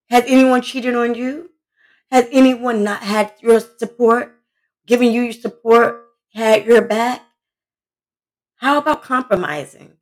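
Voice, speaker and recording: A woman hosting a solo podcast, giving relationship advice in a blunt, emphatic, conversational way and talking straight to her listeners. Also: mid-range voice. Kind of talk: casual solo podcast talk.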